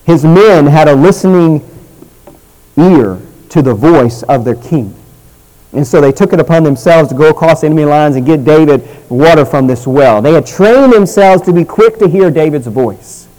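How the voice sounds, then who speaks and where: Mellow-voiced man preaching a sermon. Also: on the high side, low-quality recording. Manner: earnest teaching tone, slows for emphasis, drops soft at phrase ends.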